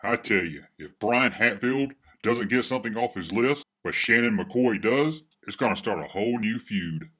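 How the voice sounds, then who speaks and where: A man co-hosts a relaxed podcast, chiming in with dry, wisecracking quips. His voice sits on the low side. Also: normal speed, hardly any pauses. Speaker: podcast co-host. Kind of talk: casual chat.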